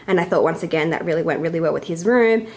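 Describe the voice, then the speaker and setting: Young mom doing a chatty room tour, bit out of breath, lower voice. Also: female voice, fast talker, darkish tone, slight background noise. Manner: chatty, apologetic asides. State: slightly out of breath. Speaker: vlogger. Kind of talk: casual home tour narration.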